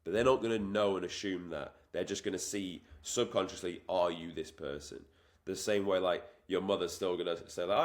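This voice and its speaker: Emphatic man, low voice. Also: fairly quick. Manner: emphatic and repetitive, acts out inner voices. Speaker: fitness coach. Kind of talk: motivational talk to camera.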